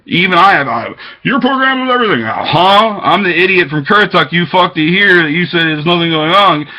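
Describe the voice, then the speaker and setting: A man's voice: fairly high pitch, moderate pace, sharp tone. A man giving an agitated, rambling monologue to his webcam, jumping from topic to topic. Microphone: webcam microphone. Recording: dull lo-fi webcam audio.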